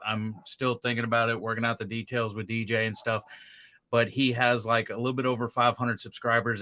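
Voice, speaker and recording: A man thanking the hosts on a video call, earnest and talking fast. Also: mid-range voice, sharp tone, dry recording. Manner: earnest, grateful, quick-talking. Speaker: guest. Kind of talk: casual chat.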